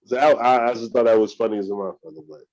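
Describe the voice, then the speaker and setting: A man's voice: lowish voice, racing. A man co-hosting a podcast, animatedly retelling a clip in casual reaction chat. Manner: animated, laughing, storytelling. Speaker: podcast co-host. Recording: dull lo-fi sound.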